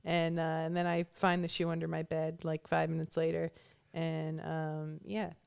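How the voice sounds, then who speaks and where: A woman's voice: low voice, completely flat delivery, moderate pace, creaky, darkish tone, clear, resonant tone. A woman hosting a podcast in easy, unguarded conversation. She talks about herself frankly and with self-deprecating humor, swearing casually and laughing now and then. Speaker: podcast host.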